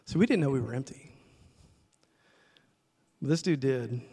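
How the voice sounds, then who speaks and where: A man preaching a conversational sermon, retelling a story with lively quoted voices and closing in a soft prayer. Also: mid-range voice, measured pace, breathy edge. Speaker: pastor.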